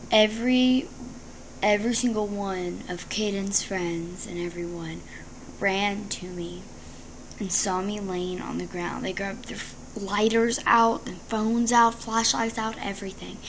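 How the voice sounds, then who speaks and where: Chatty female vlogger, noisy recording. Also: mid-range voice. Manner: chatty and dramatic, with bursts of whispering. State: injured ankle. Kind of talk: casual storytelling to camera.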